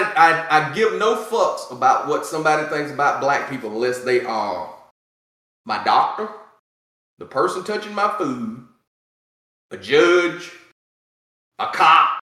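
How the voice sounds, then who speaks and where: A man rants through a casual podcast chat, swearing freely and firing off mocking asides. His voice sits high and swings widely in pitch. It rings in a very echoey room. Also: a little slow, pauses often. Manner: profane, animated ranting with mocking asides. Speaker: podcast co-host.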